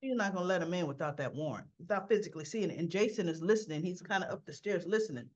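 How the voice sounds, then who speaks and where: A woman casually recapping a soap opera episode, acting out the characters' lines, with a cough and frequent throat clearing. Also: on the low side, racing, darkish tone, dull audio. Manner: chatty, acts out characters' lines in quotes.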